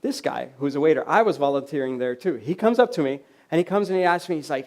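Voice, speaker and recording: A man from the USA giving a storytelling keynote at a university event, animated and laughing often as he acts out the people in his stories. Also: a little high, fast talker. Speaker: keynote speaker. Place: university event hall with audience.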